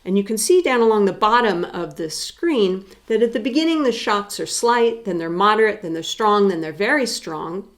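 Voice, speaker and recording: A woman's voice: mid-range voice, animated, moderate pace, few pauses. Woman, psychology professor, recorded lecture, explanatory with rhetorical questions.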